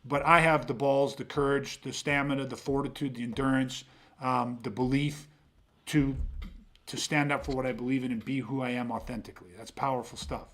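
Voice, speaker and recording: A man's voice: mid-range voice, steady tone, a little fast, fairly bright tone. A middle-aged man on a podcast, talking intensely and swearing often, with frequent restarts as he builds a point. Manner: intense, profane, repeats words when starting sentences. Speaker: podcast host. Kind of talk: casual podcast conversation.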